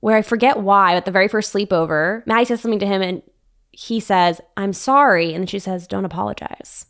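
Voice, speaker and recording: Fast-talking woman co-host. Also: medium pitch. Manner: animated, quotes characters, says she was freaked out. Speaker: podcast co-host. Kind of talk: casual film discussion.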